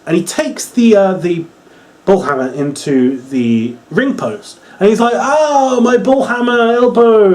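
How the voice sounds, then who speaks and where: Excitable young Englishman with a Norwich accent. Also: fairly high pitch. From England. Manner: rambling, excitable, swears, mocks wrestlers in silly voices. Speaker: wrestling reviewer. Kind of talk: casual video review.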